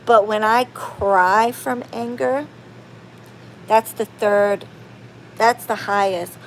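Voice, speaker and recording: A woman chatting casually to her viewers, rambling and expressive, going from loud outbursts to low murmurs. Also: slow pace, a little hiss or hum. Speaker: spiritual practitioner and channel host. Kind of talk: casual chat to camera.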